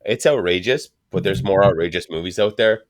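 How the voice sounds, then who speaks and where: A man's voice: sits low, brisk. A man hosting a casual chat, swearing constantly and telling stories with animation. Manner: profane, animated storytelling.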